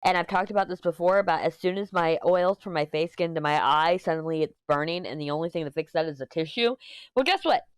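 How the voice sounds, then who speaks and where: Candid, emotional woman vlogging, smooth voice. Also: low voice, steady tone, fast talker, few pauses, dry recording. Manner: candid, emotional, swearing, rambling with restarts. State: tearful, upset. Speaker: crafting channel host. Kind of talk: casual chat to camera.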